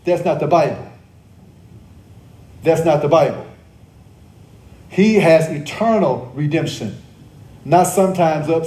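A man's voice: on the high side, dark tone, echoey room, low-quality recording. A male pastor delivering a sermon, repeating key phrases, quizzing the congregation and adding joking asides. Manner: conversational preaching with joking asides. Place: church service.

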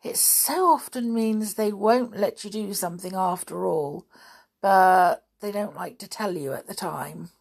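A woman's voice: medium pitch, a little slow, vocal fry, breathy edge. A woman reading the part of a small, eager youngest girl.

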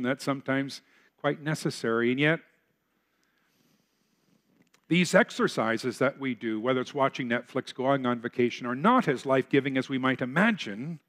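A man's voice: medium pitch, normal speed, fairly bright tone. A man pastor preaching a sermon in a church, earnest and full of rhetorical questions. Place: church sanctuary.

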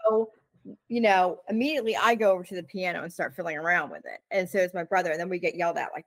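A woman's voice: lowish voice, fast talker, a bit bright, dry recording. A woman co-hosting a podcast who tells a story in casual chat, full of "like" and "you know", and acts out the quotes. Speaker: podcast co-host.

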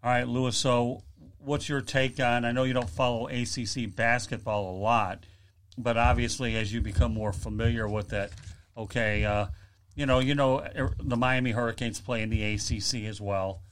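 A man's voice: medium pitch, steady tone, moderate pace. A man hosting a sports talk show, chatting loosely and joking with his guests and callers. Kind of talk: casual sports talk radio.

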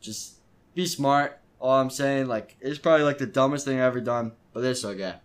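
A teenage boy hosts his own podcast and talks straight through a story from his life. His voice sits at an ordinary middle pitch, and the telling is loose and unpolished, full of false starts, stumbles and repeated words. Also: normal speed. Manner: rambling, frequent restarts and stumbling repeats. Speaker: podcast host. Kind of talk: casual storytelling monologue.

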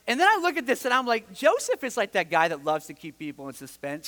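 Animated high-voiced pastor preaching. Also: male voice, brisk, few pauses. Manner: animated storytelling, acts out the characters' lines. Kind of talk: sermon. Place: church sanctuary. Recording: church hall with long reverb.

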